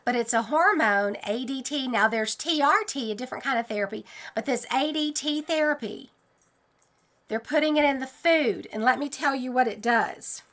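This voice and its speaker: Bright-voiced woman with an earnest warning tone. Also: sits high, moderate pace. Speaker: channel host sharing dreams. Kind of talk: casual vlog monologue.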